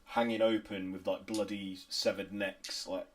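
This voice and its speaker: A man narrating as game master, halting and improvised, with many restarts. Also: lowish voice, flat delivery.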